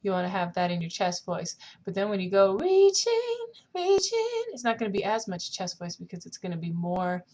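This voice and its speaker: A woman's voice: lowish voice, little pitch movement, fast, hardly any pauses, darkish tone, slight background noise. A young woman teaching a singing lesson, explaining technique and singing short lines to demonstrate. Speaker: vocal coach.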